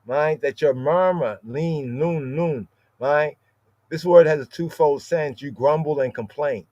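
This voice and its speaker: A man teaches a scripture lesson on a podcast, explaining each word and tossing in "right?" to check in with listeners. His warm voice sits on the high side and moves a little slowly, in a dull, lo-fi, dry recording without room sound.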